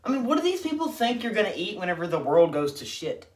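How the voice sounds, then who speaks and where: A man's voice: sits high, sing-song, fast. Sarcastic guy going off in a comedy rant, swears constantly. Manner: brash, profane, sarcastic. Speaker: comedy commentator.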